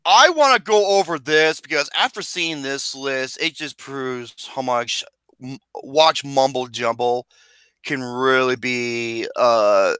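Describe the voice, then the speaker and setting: A man hosting a casual movie podcast, talking in an excitable, profane, ranting way. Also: medium pitch, slow pace, clean tone, dry recording. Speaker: podcast host.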